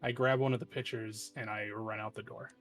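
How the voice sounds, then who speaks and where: A man playing a tabletop game, speaking in a hesitant, halting way. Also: fairly low pitch, level tone, a bit bright, soft background music. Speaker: player.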